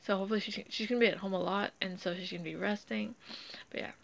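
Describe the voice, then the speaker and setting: A woman's voice: medium pitch, steady tone, fast talker, vocal fry, fairly bright tone, rough recording. A woman speaking off the cuff about her family and her past, rambling with restarts and fillers, emotional and close to tears in places. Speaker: speaker sharing a personal story. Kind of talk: unscripted personal talk.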